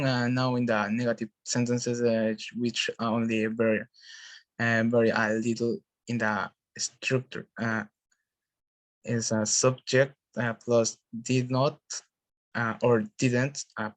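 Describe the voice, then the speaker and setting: A man presents to a class in halting English, his delivery slow and his pitch barely moving. Frequent filler sounds break up each sentence, and his voice sits close and dry with no room sound around it. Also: no room sound. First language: Spanish. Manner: hesitant, many filler sounds. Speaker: student presenter.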